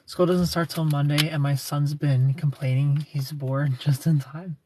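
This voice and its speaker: A man's voice: on the high side, steady tone, measured pace, darkish tone, slight background noise. A man hosting a casual livestream, greeting viewers and answering their comments in a playful, teasing, flirty way.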